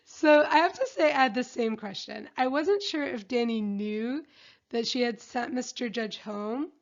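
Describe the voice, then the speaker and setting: A woman's voice: a little high, lively intonation, takes it slowly. A woman recapping a reality show episode in a chatty, opinionated way. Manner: chatty and opinionated, reads out quotes. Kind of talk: casual episode recap narration. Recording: dull lo-fi recording.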